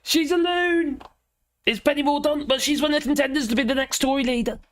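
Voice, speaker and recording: A hoarse woman with a British accent hosting a casual live political chat, laughing often and greeting viewers by name. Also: high voice, steady tone, a little fast, no room sound. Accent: British English. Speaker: livestream host.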